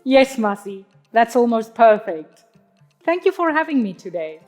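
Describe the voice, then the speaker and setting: A woman explains an opera aria to students, pitching her voice high and letting it swing widely. She speaks clearly and carefully, sounding out the Italian words one by one. Faint music plays softly behind her. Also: sing-song, a little slow. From South Africa. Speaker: opera singer teaching. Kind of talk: instructional talk on singing.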